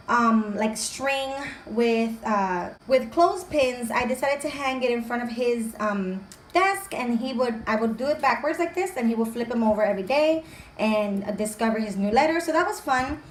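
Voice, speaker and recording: A woman's voice: fairly high pitch, expressive, moderate pace, a little hiss or hum. A woman, a homeschooling mom and channel host, chatting enthusiastically through a show-and-tell vlog at home. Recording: echoey room with faint ambience.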